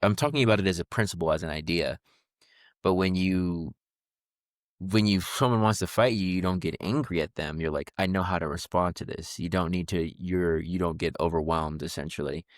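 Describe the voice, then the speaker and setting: Podcast co-host, man, deep voice, rambling reflective chat, dry studio. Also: fairly quick, no echo. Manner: rambling, many fillers and restarts. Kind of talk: casual conversation.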